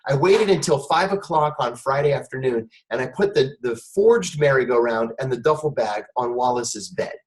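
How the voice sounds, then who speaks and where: A middle-aged man spins a wry anecdote in conversation, his voice rising and falling freely as he talks. He sits at a mid pitch and lands his punchlines with dry relish. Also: normal speed, few pauses, rough recording. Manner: animated, wry storyteller. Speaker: guest.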